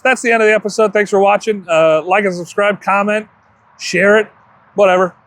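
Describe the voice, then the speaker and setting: A young man with a high, bright-pitched voice, cracking crude jokes and acting out voices in his stories. The sound is close and dry, with no room around it. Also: steady tone, a little fast, no echo. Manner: brash, joking, acts out quoted voices. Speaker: podcast co-host. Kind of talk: crude casual chat.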